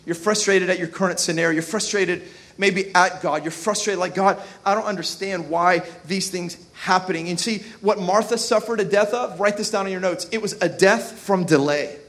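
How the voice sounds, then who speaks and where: Speaking at a moderate pace with a high, fairly bright voice, a male pastor delivers an impassioned sermon. He calls out to the congregation, asking them to repeat words and answer back in call-and-response.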